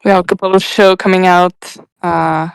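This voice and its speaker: A woman's voice: on the low side, flat delivery, normal speed, clear, resonant tone, no room sound. A woman with a French accent, a native French speaker, chatting as a podcast guest, hesitant and searching for words. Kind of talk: casual chat.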